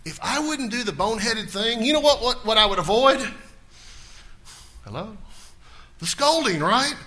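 Pastor guy preaching in a church, goes loud then hushed, bright piercing tone. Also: sits high, expressive, normal speed. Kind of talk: sermon.

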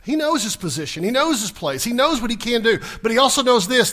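A man with a high voice preaches to his congregation. He keeps asking the listeners questions and plays the scripture characters' lines himself. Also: fairly quick, hardly any pauses. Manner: animated, asks the congregation questions, acts out scripture dialogue. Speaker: pastor. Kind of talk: sermon.

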